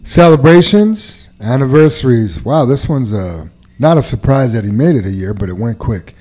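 A man's voice: medium pitch, lively intonation, normal speed, dark tone. A man co-hosting a workplace podcast, chatting plainly and reading out staff news. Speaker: podcast co-host reading company announcements. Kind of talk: casual chat.

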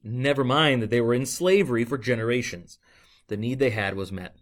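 A man's voice: mid-range voice, fairly quick. A man preaching a sermon in a conversational way, often asking "right?" and acting out complaints in a mocking voice. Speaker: pastor.

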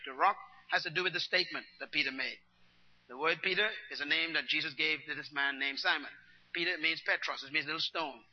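A man preaching a sermon, teaching his congregation, going from quiet muttered asides to loud, driving declarations. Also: high voice. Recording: dull long-reverb hall sound.

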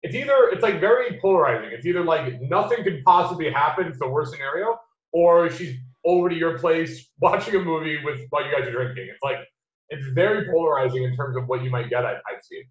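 A man's voice: on the high side, lively intonation, a little fast. American man, roomy dull recording. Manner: blunt, swears freely, laughs easily. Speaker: podcast host. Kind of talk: casual chat.

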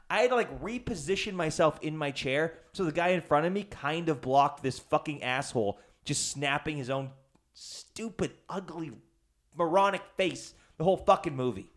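A man's voice: fairly high pitch, normal speed. A man in casual chat, telling a rambling story full of swearing and restarts. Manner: rambling, profane ranting storyteller.

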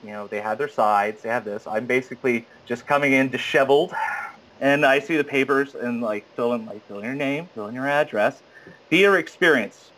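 A guest describes his audition a little fast, and the audio quality is poor. The story is casual and animated: he acts out quoted lines, jumps suddenly into a high voice, and often stammers before restarting.

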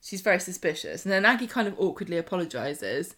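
A woman's voice: lowish voice, fast. A woman co-hosting a podcast, recapping soap plots in casual chat and acting out characters' lines. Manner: animated, acts out characters' lines. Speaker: podcast co-host.

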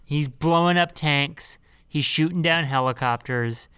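Guy on a podcast, smooth clear voice, dry close sound, emphatic and sweary. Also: fairly high pitch, unhurried, pushed and bright, no room sound. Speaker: podcast co-host. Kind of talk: casual chat recapping a film.

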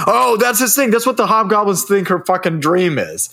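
A man's voice: sits high, lively intonation, moderate pace, creaky, bright, forceful tone. A man in casual chat, recapping a movie in a rambling, profane way and laughing often. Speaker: podcast co-host.

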